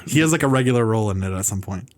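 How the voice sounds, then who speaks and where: A man's voice: on the low side, expressive, very fast. A man co-hosting a casual podcast, giving joking, teasing reactions.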